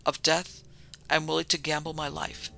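A man voicing a sinister, disfigured nobleman in an audiobook, speaking with measured, coldly polite menace. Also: fairly high pitch, little pitch movement, vocal fry, pushed and bright, a little hiss or hum, exaggerated voice. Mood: menacing. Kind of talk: audiobook narration.

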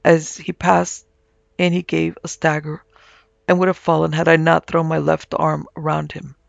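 A man narrating a scripted supernatural tale in a steady, measured way. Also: fairly high pitch, vocal fry, dry recording. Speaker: narrator and producer. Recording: dull, dry lo-fi audio.

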